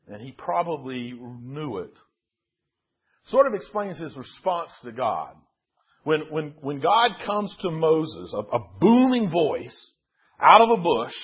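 A male preacher giving an earnest sermon and reading a story aloud, often repeating words as he stresses them. He talks slowly in a husky voice. The recording sounds dull and lo-fi. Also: a little high.

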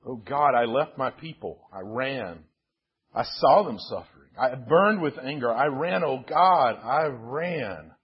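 A man's voice: mid-range voice, lively intonation, measured pace, husky, dull audio. A man voicing anguished Moses, pleading. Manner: pleading, repeating broken cries. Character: anguished man Moses crying out in pain and shame.

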